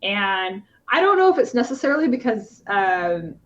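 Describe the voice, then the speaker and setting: A woman's voice: mid-range voice, very animated, normal speed. Chatty woman, slightly lo-fi. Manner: chatty, many fillers and restarts. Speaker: podcast guest, competitive shooter. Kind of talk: casual conversational interview. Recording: slightly dull lo-fi podcast audio.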